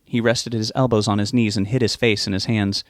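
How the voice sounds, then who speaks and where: A man narrating a novel as an audiobook reader, giving the characters' lines small lifts in pitch. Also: little pitch movement, fairly quick, no echo, clean studio sound.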